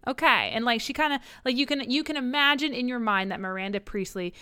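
Brief: woman co-host, bright smooth voice, dry close mic, wry and agreeable. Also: a little high, fast, no room sound. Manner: wry asides, frequent agreeing murmurs. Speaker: podcast co-host. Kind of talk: casual book-club chat.

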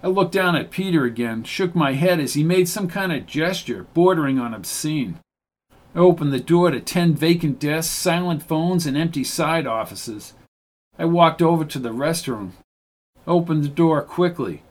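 Man narrator, wry hard-boiled telling, a bit higher than most. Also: expressive, normal speed. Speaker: audiobook narrator. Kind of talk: first-person audiobook narration.

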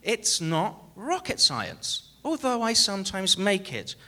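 A man preaching a sermon as pastor in an animated, jokey way, with sudden swings in loudness. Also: high voice, takes it slowly.

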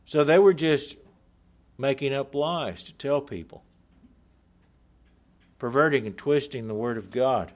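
Earnest male preacher delivering a sermon. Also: mid-range voice. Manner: earnest, emphatic, slows for stress.

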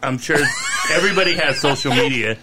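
A man's voice: medium pitch, animated, fast talker. A man co-hosting a podcast in casual chat, throwing in wisecracks. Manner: wisecracking interjections. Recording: loud background noise.

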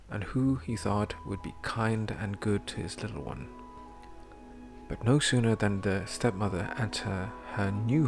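A man reading a fairy tale aloud in a measured, expressive storybook manner. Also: on the low side, creaky. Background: music.

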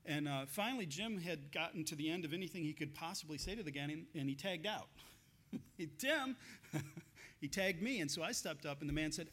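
A man's voice: a little high, expressive, fairly quick, a bit bright. Chatty storytelling preacher, man. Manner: storytelling with frequent laughs and restarts. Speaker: pastor. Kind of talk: conversational sermon.

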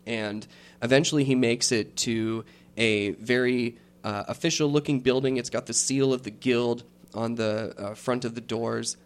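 A man narrating a tabletop game as game master, unhurried and rambling, with many fillers. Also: mid-range voice, steady tone.

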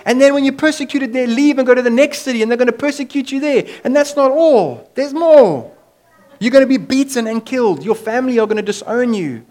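A man's voice: very high-pitched, animated, brisk, darkish tone, pitched above the performer's own voice. A man playing Jesus as a blunt, dramatic teacher, delivering a grim warning in an exaggerated, comic, emphatic way during a sermon.

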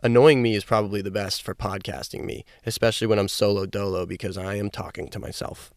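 Young guy podcasting alone in his parked car, low gravelly voice, chatty and swears a lot. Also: steady tone, fast, no echo, clean studio sound. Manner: loose, chatty, swears freely. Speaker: podcast host. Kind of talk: casual solo podcast rambling. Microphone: podcast microphone.

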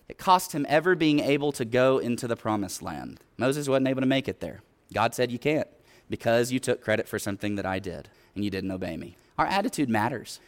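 A man preaching a sermon in an earnest, exhorting way, often retelling scripture stories. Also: medium pitch.

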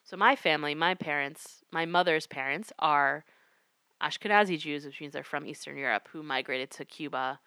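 A woman's voice: low voice, normal speed, pushed and bright, smooth, no room sound. A woman co-hosting a podcast, explaining a topic in casual chat and laughing easily. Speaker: podcast co-host.

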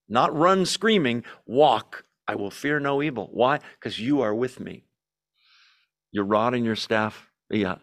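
A man's voice: mid-range voice, expressive, measured pace. A man preaching a conversational sermon to a group, with joking asides and questions put to the audience. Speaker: pastor. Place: church meeting streamed on a video call.

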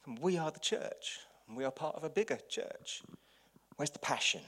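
A man, a pastor, preaching a lively sermon full of anecdotes, dropping to quiet asides and then rising to loud outbursts. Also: on the high side, normal speed.

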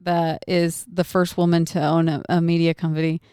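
A young woman hosting a podcast, telling a story in casual chat, animated and profane, laughing often. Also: fairly low pitch, normal speed, clean tone, no room sound, clean studio sound. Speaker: podcast co-host.

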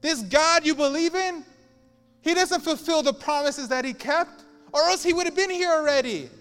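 Preacher doing a high-voiced taunting false teacher, man, sermon aside in a roomy hall. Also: moderate pace, a bit bright, faint music behind. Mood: mocking. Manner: taunting, emphatic. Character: scoffing male false teacher, mocking believers.

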